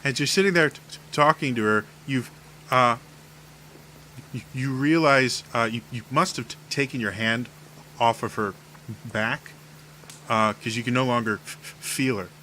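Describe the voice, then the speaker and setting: A man's voice: mid-range voice, moderate pace, pushed and bright, slight background noise. A man narrating a tabletop game as game master, stammering often on the first sounds of words.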